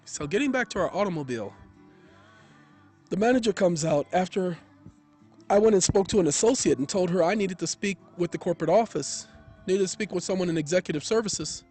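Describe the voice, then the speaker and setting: A man's voice: sits high, lively intonation, a little fast, darkish tone, faint music behind. A man vlogging from his car, telling a rambling story in an indignant, boastful way. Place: in his car, parked in a driveway. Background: car radio song playing.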